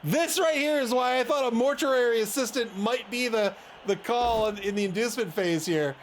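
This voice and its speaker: Male stream commentator, high and animated, self-mocking storyteller, noisy background. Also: normal speed. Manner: chatty, self-mocking storyteller, laughs often. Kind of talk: casual game commentary and chat. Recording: audible background noise.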